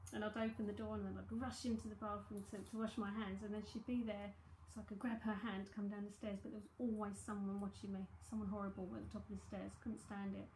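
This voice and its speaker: Here the tarot reader and psychic medium, a woman in her forties from South London, talks at a medium pitch while doing a live reading. She chats breezily with her viewers, full of fillers and asides, in an echoey room with a faint hiss or hum.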